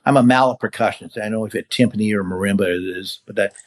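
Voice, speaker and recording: A man in his seventies from California, a guest in an interview, telling stories in a casual, animated way and acting out the voices of people he met. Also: fairly low pitch, very fast. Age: 70s. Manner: animated storyteller who acts out quoted voices. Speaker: guest, veteran hang glider pilot.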